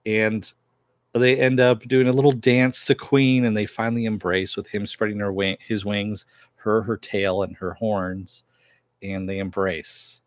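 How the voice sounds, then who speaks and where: A lower-pitched man talks through a TV episode recap in a relaxed, meandering way, with a chuckle here and there. His voice sits close and dry, with almost no room sound. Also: unhurried, no echo. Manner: rambling retelling that acts out quoted dialogue, chuckling now and then. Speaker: TV series reviewer.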